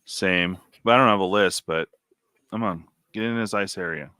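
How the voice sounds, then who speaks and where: A man's voice: deep voice, moderate pace, pushed and bright, clear, resonant tone. A man chatting casually with a friend while playing a game, laid-back and swearing now and then. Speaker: friend on stream. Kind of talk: casual chat while gaming.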